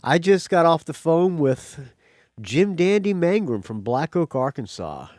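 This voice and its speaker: A man hosting a rock podcast, talking in a rambling, excitable way with a slight country accent and swearing freely. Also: a little high, measured pace, no echo, studio quality. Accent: slight American country accent. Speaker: podcast host. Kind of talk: casual solo intro.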